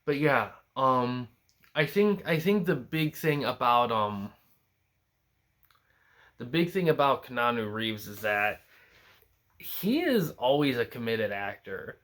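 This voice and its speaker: A man's voice: medium pitch, big pitch swings, slow pace, pauses often, a bit bright. Young male host, casual solo film talk, rambling and full of restarts, mid-range voice. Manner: rambling, many restarts and fillers.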